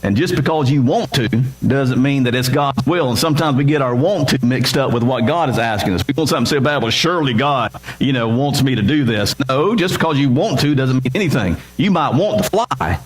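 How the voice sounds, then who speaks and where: A pastor giving a sermon, telling a story in a lively way and acting out the characters' dialogue. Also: male voice, medium pitch, fairly quick, few pauses, low-quality recording. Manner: storytelling, acts out voices in dialogue. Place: church.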